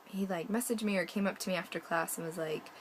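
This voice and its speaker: A woman's voice: lowish voice, quick pace, slight background noise, low-quality recording. A young American woman chatting casually in a video diary, rambling with lots of ums and little laughs. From United States. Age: young adult. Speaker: vlogger.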